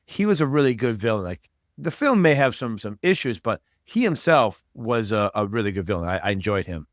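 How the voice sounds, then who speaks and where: A man's voice: on the low side, no room sound, clean studio sound. A man who is a podcast guest, chatting casually about an old movie and acting out his own reactions. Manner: fast, animated, talks through his reactions.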